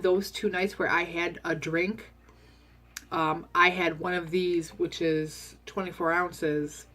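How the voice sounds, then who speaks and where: A woman vlogging a casual, candid diet update from home, chatty and full of ums. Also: on the low side. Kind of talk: casual chat.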